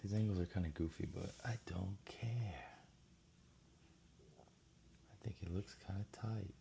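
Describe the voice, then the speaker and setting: A man's voice: sits low, unhurried, vocal fry, dark tone, slight background noise. A man painting and chatting casually to himself, laid-back and rambling as he thinks aloud. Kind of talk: casual commentary while painting.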